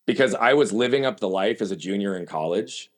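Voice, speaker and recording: This podcast guest has a fairly low voice with lively intonation and speaks a little fast. Candid and emphatic, he tells his story while posing rhetorical questions to himself.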